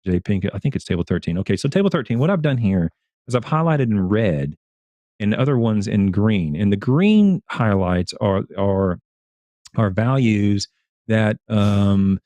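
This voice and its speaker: Earnest lower-voiced man explaining data. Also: a little slow, no room sound. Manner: earnest, repeats words and restarts phrases; animated storyteller. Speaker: guest turf scientist and educator. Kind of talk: casual livestream discussion.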